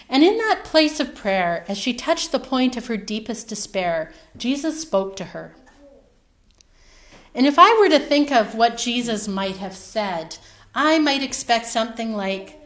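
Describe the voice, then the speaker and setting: A woman preaching a sermon in a reflective, storytelling manner, her phrases trailing off softly. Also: fairly high pitch, sing-song, a little slow.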